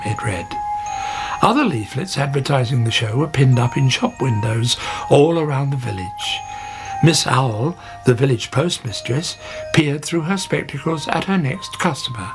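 A storybook narrator reading a children's animal tale with an expressive delivery. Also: medium pitch, a little slow. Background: music.

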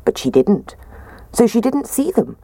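A woman reading a children's story aloud in a gentle, expressive way. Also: mid-range voice, measured pace, gravelly, no echo.

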